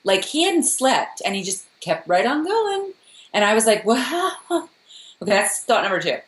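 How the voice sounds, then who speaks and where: A woman's voice: medium pitch, normal speed, roomy sound. A woman co-hosting a casual podcast recap, acting out reactions as she tells it. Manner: animated storyteller, acts out reactions. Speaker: podcast co-host.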